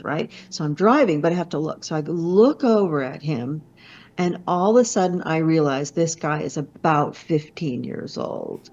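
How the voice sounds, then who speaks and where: A woman who is a motivational speaker, telling a personal story in an expressive way, with many restarts and asides. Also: deep voice, moderate pace. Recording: slightly muffled lo-fi audio.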